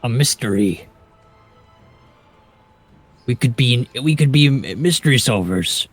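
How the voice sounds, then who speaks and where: An eager, good-natured ogre in a fantasy tabletop game who stammers over his words, keen to help and a little slow on the uptake, as a man plays him in a mid-pitched everyday voice. He talks casually as a player at the table. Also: expressive, slightly rough, faint music behind. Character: gentle, dim-witted ogre sailor.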